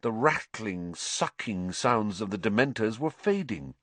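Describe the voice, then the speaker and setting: A man narrating an audiobook in a measured, suspenseful way, dropping low for dark passages. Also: expressive, no echo.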